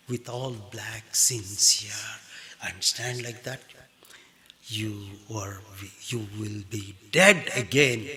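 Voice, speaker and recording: A male preacher giving a dramatic sermon, swinging from loud to whispered pleading. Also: mid-range voice.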